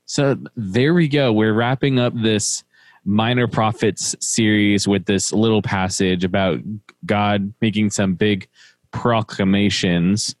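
A man's voice: on the low side, fairly even intonation, slow, no echo. A man with a Midwestern accent co-hosting a casual devotional, laughing easily and reading scripture steadily. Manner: easygoing, laughs often, reads scripture steadily. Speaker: devotional co-host.

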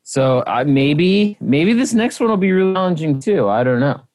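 Man, devotional co-host, playful and halting, dry close sound. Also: a little high, lively intonation, darkish tone, no room sound. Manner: playful, joking, halting with fillers. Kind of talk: casual devotional discussion.

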